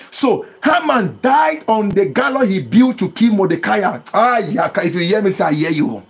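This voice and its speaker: Male pastor, impassioned sermon with tongues, high animated voice with a rough edge. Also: normal speed, hardly any pauses. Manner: preaching with call-and-response and bursts of tongues.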